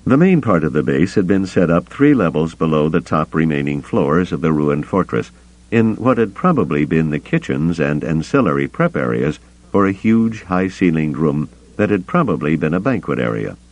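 A man reading an audiobook in steady, deliberate narration. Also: rumbling low, low-quality recording. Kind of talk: scripted narration.

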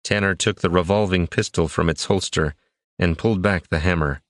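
Male audiobook narrator, deep, measured dramatic reads, dry booth sound. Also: no room sound. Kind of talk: scripted fantasy narration.

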